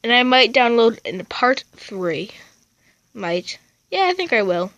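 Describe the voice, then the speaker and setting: Casual vlogger, slow and chatty, talking over footage of her pets. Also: a little high, very animated, a bit bright, dry recording, muffled recording. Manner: chatty, talks to the cats. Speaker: video host filming her cats. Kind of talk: casual home video narration. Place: home room with cats.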